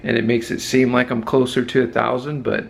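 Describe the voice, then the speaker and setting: Sounding like he just rolled out of bed, this man hosts his own YouTube channel and cheerfully celebrates subscriber milestones in a relaxed check-in vlog. He speaks at medium pitch with little variation, slightly quickly, with some vocal fry.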